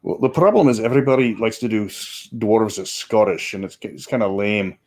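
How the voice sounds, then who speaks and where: A man with a low voice chats about running tabletop games, winding through stories and restarting his sentences as he goes. He sounds relaxed and conversational. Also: a little fast. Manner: rambling storyteller with restarts. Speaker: game master. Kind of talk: casual podcast chat.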